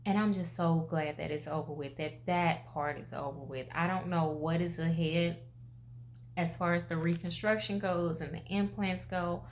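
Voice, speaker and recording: A woman in her twenties gives a personal vlog update, talking straight to her viewers in an emotional, expressive way. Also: lowish voice, moderate pace, a little hiss or hum. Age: 20s. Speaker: vlogger.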